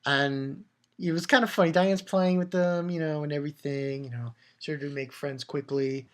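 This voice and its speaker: A man giving a casual, rambling review of a manga chapter. He chuckles often and jumps into higher voices for the characters he quotes. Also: steady tone, moderate pace, fairly bright tone.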